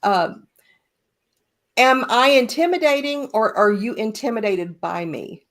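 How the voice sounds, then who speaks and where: A woman hosting a spiritual talk show, speaking in a relaxed conversational way. She tells stories, rushes through asides and slows down to stress her points. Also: on the high side. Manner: storytelling, speeds up and slows down, emphatic. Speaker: podcast host. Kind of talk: casual spiritual podcast talk.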